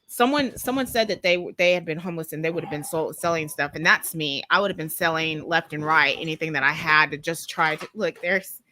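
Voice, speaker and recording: A woman's voice: deep voice, brisk, hardly any pauses, pushed and bright, a little hiss or hum. A woman with a Texas accent chatting casually on a live stream as co-host, rambling and laughing often. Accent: Texan.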